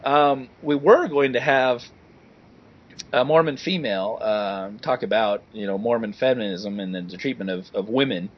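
A man co-hosting a casual podcast, talking in an animated, sarcastic and exasperated way. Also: mid-range voice, moderate pace, dull audio. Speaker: podcast co-host.

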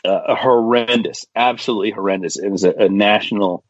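A man of middle pitch rants bluntly and profanely as he hosts a casual podcast. The recording is dry, with no room sound, and slightly dull and muffled. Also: steady tone, brisk, no room sound. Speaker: podcast host. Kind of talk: casual chat.

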